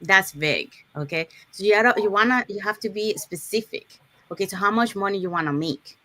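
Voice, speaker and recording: A woman's voice: mid-range voice, brisk, pushed and bright. A woman hosting an online live session, explaining goal setting step by step, with frequent "okay"s and restarts. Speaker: host.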